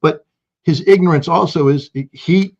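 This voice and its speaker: A man giving heated political commentary as a guest, forceful and indignant, often restarting his sentences. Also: fairly high pitch, unhurried, dull audio.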